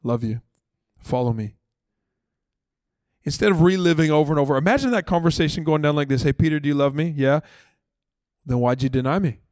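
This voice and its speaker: Male preacher, relaxed storyteller, voices the characters, slightly high pitch, dry close sound. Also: brisk, long pauses, no room sound. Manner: conversational, acts out dialogue in casual voices. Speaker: pastor. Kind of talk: sermon.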